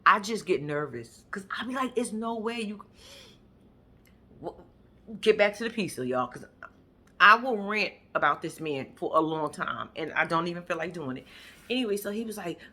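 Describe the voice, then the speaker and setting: Sassy woman, bright and forceful, doing a blunt, profane show-recap rant. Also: on the low side, animated, moderate pace. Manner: blunt, sassy, profane commentary with sudden loud bursts. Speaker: reality TV recap vlogger. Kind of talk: animated casual recap rant.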